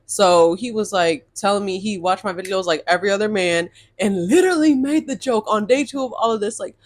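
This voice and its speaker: A young woman telling a dating storytime to her viewers, animated and exasperated, swearing freely and calling her audience y'all. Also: fairly high pitch, moderate pace. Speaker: storytime vlogger. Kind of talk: casual storytime rant.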